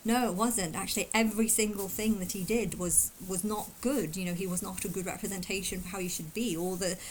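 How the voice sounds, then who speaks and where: A woman vlogger talking fast in a casual, emphatic and indignant opinion monologue. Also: mid-range voice, steady tone, slight background noise, poor audio. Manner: fast talker.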